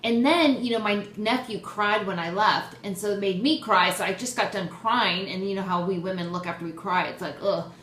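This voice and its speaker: A young woman hosting her own vlog, chatting excitedly and poking fun at herself. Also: medium pitch, moderate pace, hardly any pauses. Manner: excitable, chatty, self-deprecating. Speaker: host. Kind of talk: casual vlog chat. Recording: roomy echo, faint background noise.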